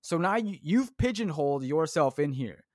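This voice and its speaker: A man's voice: a little high, animated, moderate pace, a little mellow, no echo, studio quality. Chatty podcast guy, rambling and casual. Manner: rambling, chatty, with frequent "man" and "dude". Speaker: podcast host. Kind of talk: casual solo podcast monologue. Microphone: clip-on shirt mic.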